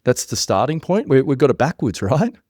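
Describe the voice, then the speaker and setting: A man's voice: medium pitch, big pitch swings, fairly quick, darkish tone, husky, dry recording, clean studio sound. A man hosting a podcast, thinking aloud hesitantly with plenty of fillers. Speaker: podcast host. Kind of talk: casual podcast conversation.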